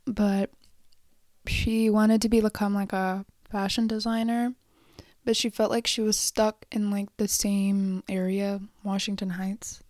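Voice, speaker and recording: A woman's voice: mid-range voice, flat delivery, measured pace, a little mellow, no echo, clean studio sound. A teenage girl telling a personal story, rambling with many fillers and drifting into whispery asides. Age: teens. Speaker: vlogger.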